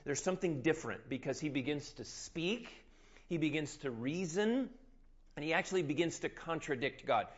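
A man preaching a sermon, retelling scripture as a lively story and acting out the scenes. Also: on the high side, normal speed, muffled recording. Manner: animated storyteller, acts out scenes.

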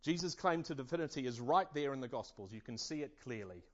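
A man's voice: mid-range voice, lively intonation, fast, highs cut off. Earnest male preacher delivering a sermon. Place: church service.

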